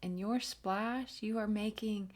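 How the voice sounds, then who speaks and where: A woman giving a channeled spiritual reading, gentle and encouraging, with many fillers and restarts and frequent drops into soft whispers. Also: medium pitch, steady tone, takes it slowly. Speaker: channeled reader.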